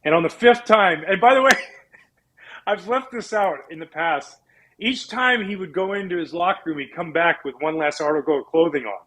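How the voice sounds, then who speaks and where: A man from Canada, a former professional pitcher, telling animated, rambling stories as a guest in a casual interview. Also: moderate pace, rough recording. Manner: animated, rambling with restarts and laughs.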